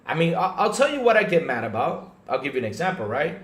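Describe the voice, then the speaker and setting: A man hosting a casual gaming podcast stream, animated and talking straight to his viewers, often checking in with "right?". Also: a little high, fast, hardly any pauses, echoey room. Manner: animated, talks to chat viewers, lots of "right?" and restarts. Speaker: podcast host. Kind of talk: casual livestream podcast chat.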